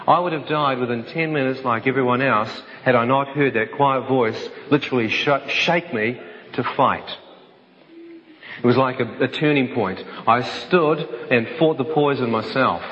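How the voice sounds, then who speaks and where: A man's voice: medium pitch, moderate pace, a bit bright. Man telling a dramatic personal testimony. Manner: vivid storytelling that acts out other voices. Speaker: speaker telling his life story. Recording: dull recording with long hall reverb.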